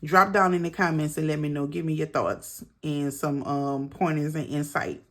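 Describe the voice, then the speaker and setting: In her budgeting vlog, a chatty middle-aged woman tallies her monthly bills, addressing viewers as "girl" and "y'all." Her voice sits low with a fairly bright tone at normal speed, and she's out of breath.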